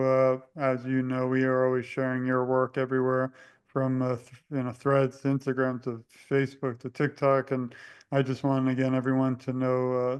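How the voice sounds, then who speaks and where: A young man hosting a casual interview, rambling and halting with many fillers. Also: mid-range voice, darkish tone, clean tone. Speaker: host.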